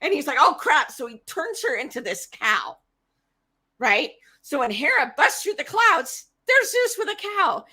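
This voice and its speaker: A woman co-hosting a podcast, retelling myths in a casual, animated way and acting out the characters. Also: sits high, measured pace. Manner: animated retelling with acted-out voices. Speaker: podcast co-host. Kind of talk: casual storytelling.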